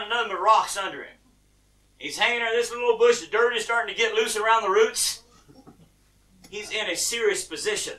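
Brief: animated male preacher, sharp bright tone, telling stories from the pulpit. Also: high voice. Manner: folksy, animated, laughing at his own story. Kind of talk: sermon storytelling. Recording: distant mic.

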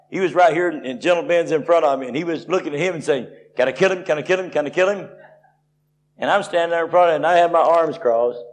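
Folksy preacher man. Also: sits high. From Tennessee. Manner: folksy storytelling, rising with excitement. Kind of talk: sermon testimony.

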